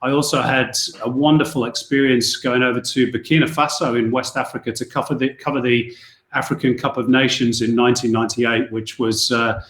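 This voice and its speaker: A man's voice: medium pitch, steady tone, fairly quick, fairly bright tone. Middle-aged male football commentator from Northwest England, anecdotal and chatty, roomy echo. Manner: chatty, anecdotal, with many restarts. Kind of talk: podcast interview, storytelling.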